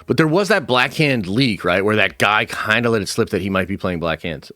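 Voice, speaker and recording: Streamer dude reading chat, pitch jumps all over, dry close mic, swears a lot. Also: male voice, moderate pace, few pauses, no room sound, soft background music. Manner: casual, animated, swears freely. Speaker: streamer host. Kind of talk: livestream commentary with chat.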